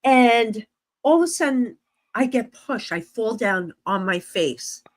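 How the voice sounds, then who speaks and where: A woman with a New Jersey accent, a guest psychic medium telling stories in a lively conversational way with many fillers. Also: a little high, slow pace. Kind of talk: animated storytelling in conversation.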